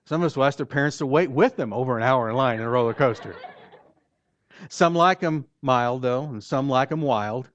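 A man with an Oklahoma accent preaching a storytelling sermon in a folksy, halting way, often repeating words as he goes. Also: medium pitch. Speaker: pastor. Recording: dull lo-fi, dry.

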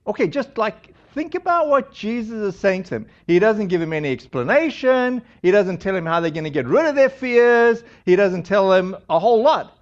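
High-voiced pastor, chatty sermon. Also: male voice, expressive, normal speed, few pauses, lo-fi sound. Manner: casual and chatty, retelling a scripture passage with asides. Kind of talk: conversational sermon.

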